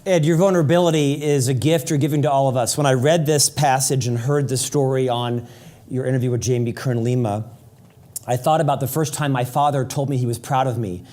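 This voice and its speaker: A man in his forties, interviewing the host in a thoughtful, measured way and sharing a personal memory. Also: medium pitch, dark tone. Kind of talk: conversational interview questions.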